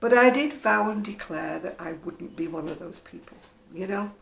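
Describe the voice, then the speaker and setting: A woman talks in a casual home vlog, chatty and wry, her voice gravelly with fry. The room around her is roomy and echoey. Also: medium pitch, normal speed, a bit bright. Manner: chatty, wry, mimics other people's voices. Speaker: vlogger. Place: at home, indoors.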